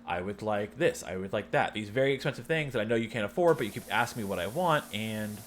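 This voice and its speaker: Guy streaming, lowish voice, rambles and restarts a lot, bit of faint noise behind him. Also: lively intonation, fast. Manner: rambling, self-interrupting, wry. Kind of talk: casual storytelling chat.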